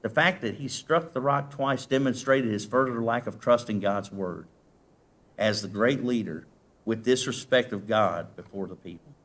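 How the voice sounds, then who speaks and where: A male preacher delivering a sermon. He asks the congregation questions and swings from loud emphasis to very soft, quiet lines. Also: on the low side, moderate pace.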